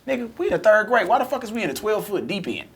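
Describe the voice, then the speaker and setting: Fast, animated man telling a story. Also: high-pitched, slightly rough. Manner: loud, lively storyteller, acting out the characters' voices. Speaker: podcast co-host.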